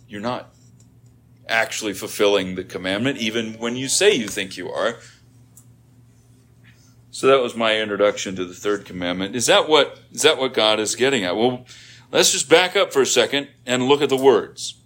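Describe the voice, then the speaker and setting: Middle-aged male preacher, lower voice, conversational sermon with emphatic rises. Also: moderate pace, a bit bright.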